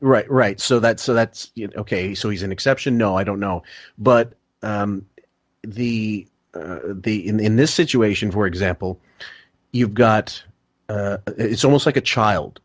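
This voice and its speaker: Podcast host, male, lowish voice, stammers through restarts, dry close sound. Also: unhurried, no room sound. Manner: stammering, many fillers and restarts. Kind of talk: casual podcast discussion.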